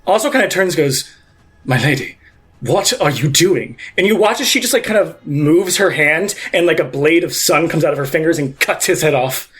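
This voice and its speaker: A man's voice: fairly high pitch, fairly quick, few pauses, a bit bright. A man narrating a tabletop game as game master, rambling with many fillers.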